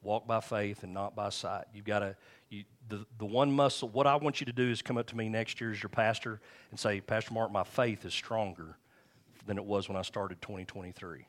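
A middle-aged man preaching a sermon. He talks in a somewhat low voice and keeps it conversational, with asides and repeated phrases. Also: steady tone, a little fast. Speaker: pastor.

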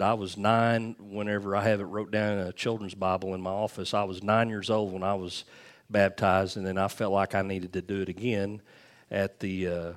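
A middle-aged man talks as a pastor to his church before baptisms. His voice sits a bit low, and he rambles warmly through restarts and little chuckles. He speaks into a handheld microphone. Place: church sanctuary.

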